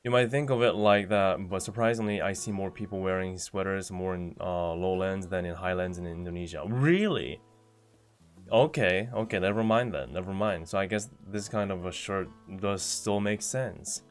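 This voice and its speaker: A man with a fairly low voice hosts a relaxed livestream. He reads out viewer messages and answers each one in a chatty, unhurried way. Soft guitar music plays faintly underneath. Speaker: streamer reading chat. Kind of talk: casual livestream chat.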